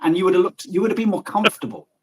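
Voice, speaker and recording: A man from Germany hosting a casual livestream chat, animated and joking, who swears freely. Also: high voice, racing, slight background noise, poor audio. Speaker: livestream host.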